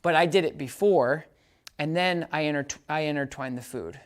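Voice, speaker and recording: A man giving a hands-on dog training lesson outdoors, chatting casually as he explains and calling out high, upbeat praise commands to the dog. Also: normal speed.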